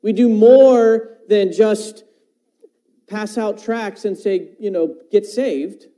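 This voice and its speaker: Dark-voiced man preaching a sermon. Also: sits high. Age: adult parent. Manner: earnest, repeats phrases and asks rhetorical questions.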